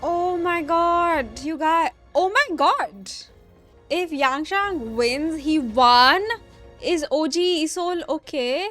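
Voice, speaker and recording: A woman's voice: high-pitched, takes it slowly, fairly bright tone, soft background music. A young woman hosting an anime reaction, talking casually and with exasperation to her viewers and swearing now and then.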